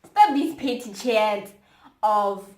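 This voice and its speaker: A woman's voice: mid-range voice, slow. Emphatic South African woman in echoey room. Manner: animated, preachy rants with emphatic repeats. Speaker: co-host. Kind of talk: casual opinion chat.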